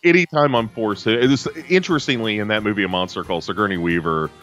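A man's voice: on the low side, quick pace, a bit bright, soft background music. A man chatting casually on a podcast, rambling with lots of fillers. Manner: rambling, full of fillers and restarts. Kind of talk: casual chat.

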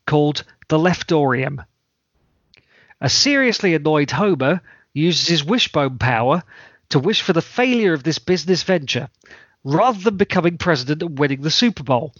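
A man hosting a podcast, reading a scripted episode recap in a dry, semi-deadpan manner. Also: on the high side, slightly rough, no echo, lo-fi sound. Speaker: podcast host.

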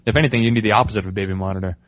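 Young male co-host, dry wry banter, mid-pitched, dead-dry and a bit dull in tone. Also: fairly even intonation, racing, no echo. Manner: dry, wry, rambling riffs. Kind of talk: casual banter.

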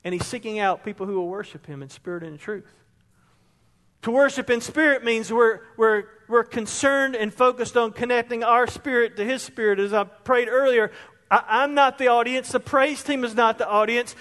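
Man, pastor, very high voice, impassioned sermon, long hall reverb, church sanctuary. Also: normal speed. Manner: impassioned preaching, rising to near shouts.

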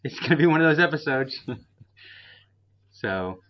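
A man's voice: mid-range voice, animated, slow. Dry, wry man recapping on a podcast. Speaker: podcast co-host. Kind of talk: casual chat. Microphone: remote call. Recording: slightly muffled remote call.

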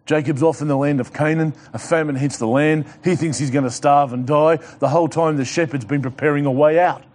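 A man's voice: a little high, fairly even intonation, a little fast, darkish tone. A male pastor preaching a sermon, repeating his key points, asking the congregation questions and building to urgent exhortation.

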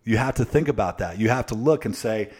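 A man's voice: fairly low pitch, animated, brisk, darkish tone, husky. A man giving a motivational coaching talk to viewers, repeating his points emphatically and often checking in with tag questions. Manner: addresses viewers directly. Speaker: sales coach. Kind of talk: motivational live-stream talk.

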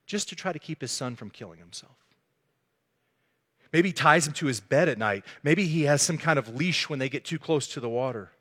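A man's voice: medium pitch, a bit bright. A man preaching a sermon as a pastor, telling the story earnestly and acting out the quotes. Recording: echoey hall.

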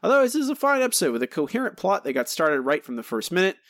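A man hosting a podcast, reading listener answers aloud in a relaxed, chatty way with some self-corrections. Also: high voice, rapid-fire, no room sound, studio quality. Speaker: podcast host.

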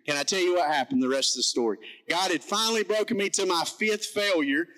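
A man preaching a sermon as pastor, telling a story in an animated, self-mocking way. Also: high-pitched, fast talker, low-quality recording.

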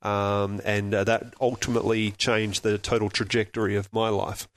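A man from Australia with an Australian accent, a guest telling his story in a relaxed, dryly humorous way. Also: lowish voice, normal speed, dry recording. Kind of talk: casual interview.

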